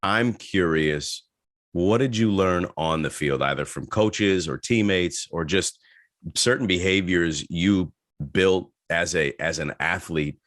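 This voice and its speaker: A man hosting a podcast, asking measured, curious questions of his guest. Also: deep voice, a bit bright, no room sound, clean studio sound. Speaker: podcast host. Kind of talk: interview questions.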